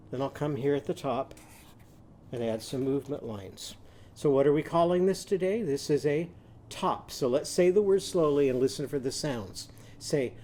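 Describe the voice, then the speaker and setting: A man teaching a children's lesson, giving slow, patient step-by-step drawing instructions and sounding out words. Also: mid-range voice, mellow, slight background noise.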